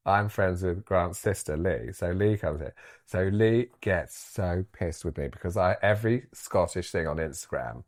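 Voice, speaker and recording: A man's voice: low-pitched, moderate pace. A male guest in casual chat at his home, telling teasing anecdotes and laughing often.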